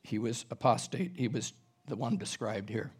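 Husky-voiced man preaching a sermon. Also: medium pitch, moderate pace. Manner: teaching, reads scripture aloud, clears throat. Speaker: pastor. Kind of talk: expository sermon.

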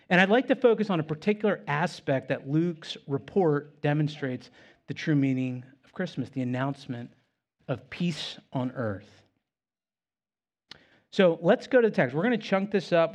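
A man's voice: a little high, darkish tone. A male pastor preaching a sermon in a conversational way with self-deprecating humor.

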